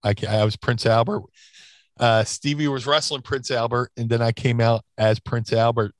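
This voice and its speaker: A man's voice: mid-range voice, steady tone, moderate pace, no echo. A man in a casual interview, telling stories in a rambling way with many restarts and fillers. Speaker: interview guest, former wrestler. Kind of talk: casual storytelling.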